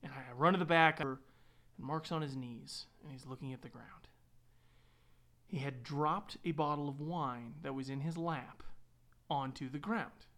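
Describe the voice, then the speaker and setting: A man's voice: medium pitch, a little slow. A man who works as a tour guide and van driver, telling a story casually with frequent laughs and quoted dialogue. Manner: laughs often, relaxed, lots of restarts and quoted dialogue.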